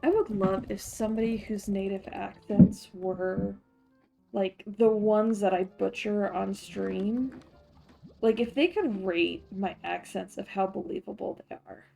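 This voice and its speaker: Slow-talking woman in a put-on Scottish accent. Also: mid-range voice, fairly even intonation, gravelly, warm tone, faint music behind. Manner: giggly, chatty, muttering to herself while playing. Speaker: streamer playing a farming game. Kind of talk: casual gameplay chat.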